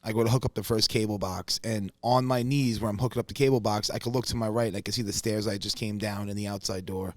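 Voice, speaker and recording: A man's voice: lowish voice, fast talker, few pauses, no room sound. A man co-hosting a podcast, telling a story in casual chat, swearing freely and acting out quotes. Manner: profane, animated storyteller who acts out quotes loudly. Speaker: podcast co-host.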